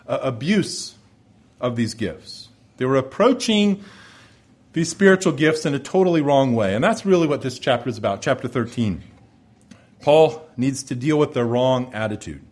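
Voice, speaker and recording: Guy preaching a sermon, kinda high voice, hammers the same phrase over and over. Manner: emphatic, repeats key phrases, acts out voices of the listeners. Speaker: pastor. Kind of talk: expository sermon.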